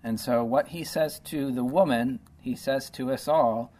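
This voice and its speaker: Man, preacher, sermon, mid-pitched voice, conversational, reads verses aloud. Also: a little slow, a little mellow. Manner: conversational, frequent "okay" and "you know", reads scripture aloud.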